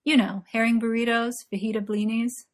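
Woman reading as an excitable young man. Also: a little high, brisk, natural voice. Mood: chatty. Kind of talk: audiobook character reading.

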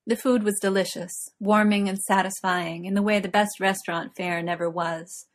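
A woman reading a story aloud in an even, measured way. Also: medium pitch. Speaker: narrator.

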